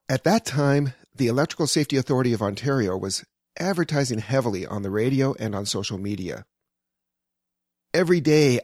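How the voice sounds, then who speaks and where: A man's voice: mid-range voice, darkish tone, no room sound. Man, anecdotal storytelling, dry humor, conversational, dead dry recording.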